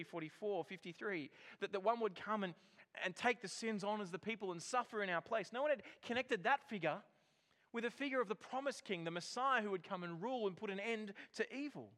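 A man with a high voice delivers a sermon in an earnest, emphatic way, doubling back on words as he builds each point. His voice rings out with a long reverb tail, as in a large church hall. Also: fairly bright tone. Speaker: pastor.

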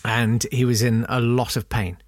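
A man's voice: medium pitch, little pitch movement, moderate pace, faint music behind. A man co-hosting a comedy podcast, telling history stories in a theatrical, giggly way. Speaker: podcast co-host. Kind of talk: comic history storytelling.

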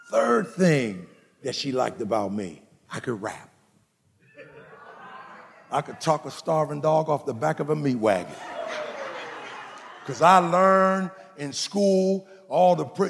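A male pastor delivers a sermon with a folksy, joking storytelling manner, teasing his congregation. His voice is gravelly with some fry and sits fairly high. The sound rings with the long reverb of a big church hall. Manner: folksy preacher, playful storytelling, calls out to the congregation.

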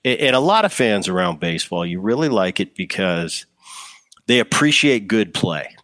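Deep-voiced and moderately paced, a former baseball player chats casually as an interview guest, telling stories with frequent restarts in a relaxed way. The recording has no room sound.

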